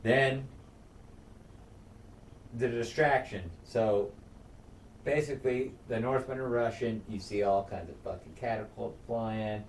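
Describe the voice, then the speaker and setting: A man's voice: mid-range voice, slow, pauses often, slight background noise. A man co-hosting a casual recap podcast, swearing a lot as he acts out the scenes. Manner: profane and animated, acting out scenes. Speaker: podcast co-host. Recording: echoey room, distant mic.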